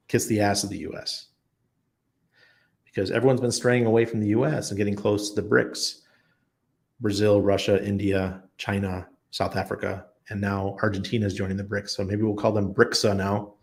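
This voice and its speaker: A middle-aged man hosting a livestream, answering viewers with blunt, emphatic opinions. His voice is low and gravelly, with plenty of fry at the ends of phrases. He tells stories animatedly and pushes his points hard. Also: darkish tone. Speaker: crypto channel host.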